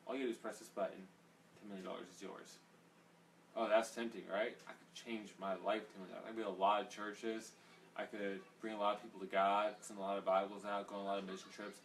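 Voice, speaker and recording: A man's voice: lowish voice, level tone, quick pace, fairly bright tone. Rambling, conversational Bible study teacher, a man. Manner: rambling, conversational, many fillers. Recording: distant mic, faint background noise.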